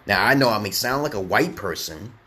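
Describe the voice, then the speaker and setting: A man's voice: on the low side, lively intonation, fairly quick, pushed and bright. A man streaming casually as an online English teacher, who rambles and lectures, tags his sentences with "okay?" and answers viewer comments.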